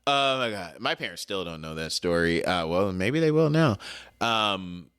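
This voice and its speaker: A man's voice: deep voice, expressive, unhurried, a bit bright, clear, resonant tone. A middle-aged man telling stories in a casual chat, drawling and acting out quotes as he talks. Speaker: podcast co-host.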